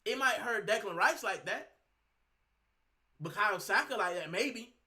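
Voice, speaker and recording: In an unhurried but sharp, high-pitched voice with lively intonation, a fan-channel host rants heatedly to camera. He's sick and straining his voice, fuming and repeating himself as he goes.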